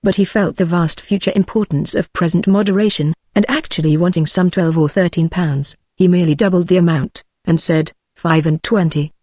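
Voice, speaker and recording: A woman's voice: on the low side, fairly even intonation, fairly quick, hardly any pauses, dark tone, no echo, clean studio sound. Synthetic British woman reading a novel. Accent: British English. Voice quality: synthetic, evenly paced. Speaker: audiobook narrator. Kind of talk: text-to-speech book reading.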